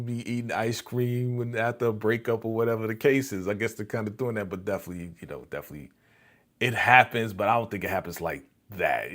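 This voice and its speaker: A young man hosting a live reaction stream, retelling scenes animatedly and answering viewer comments in casual chat. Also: medium pitch. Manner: animated retelling of scenes, acting out characters' lines.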